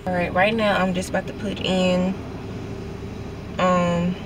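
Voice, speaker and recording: Lowish-voiced woman vlogging from her car. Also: flat delivery, a little slow, recorded from a distance, noisy background. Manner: talks straight to the camera, informal and chatty. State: frustrated and irritated. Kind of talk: casual vlog chat. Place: parked car.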